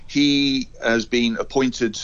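A man's voice: mid-range voice, fairly even intonation, takes it slowly, clean tone, highs cut off. A man on a radio show giving sports news in casual chat, full of fillers and restarts. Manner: hesitant, many fillers and restarts. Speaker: rugby union spokesman.

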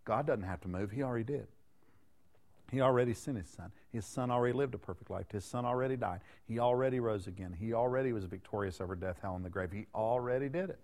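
A man in his late thirties delivers a sermon in a folksy, chatty way, speaking to the room as if to friends. He keeps asking the listeners questions and teasing them along. His voice sits fairly low. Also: quick pace, a little mellow. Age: 30s. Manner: folksy, conversational preaching with rhetorical questions to the congregation. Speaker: preacher.

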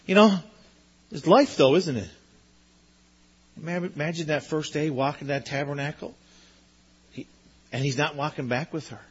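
A man's voice: on the high side, moderate pace, long pauses, breathy edge, muffled recording. A man preaching a sermon in an earnest, emphatic way, often repeating his points. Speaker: pastor.

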